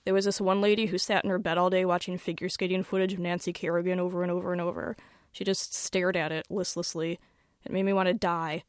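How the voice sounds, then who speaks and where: A woman author reading her own story aloud in a wry, deadpan first-person voice. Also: on the low side, fast talker, no echo, clean studio sound.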